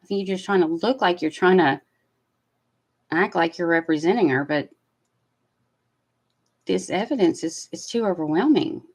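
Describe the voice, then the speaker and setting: A woman giving blunt, animated live commentary, swearing freely and sharing strong opinions. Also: lowish voice, moderate pace, pauses often, husky, low-quality recording. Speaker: commentary host. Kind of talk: casual live trial commentary.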